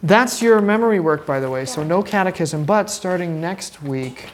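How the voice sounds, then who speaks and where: A woman with a fairly low voice leads a church catechism class. She talks briskly and playfully, repeating words to drive them home. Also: expressive, a little hiss or hum. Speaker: catechism teacher. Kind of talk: classroom teaching.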